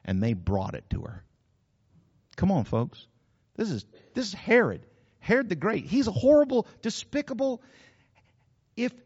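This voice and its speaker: A man's voice: a little high, big pitch swings, unhurried, long pauses, darkish tone, in a large hall, muffled recording. A middle-aged man, a pastor preaching a sermon in an emphatic, conversational, repetitive way. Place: church.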